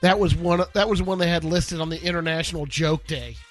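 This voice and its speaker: Man, radio co-host, deadpan, slightly high voice. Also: a little fast, soft background music. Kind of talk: radio banter.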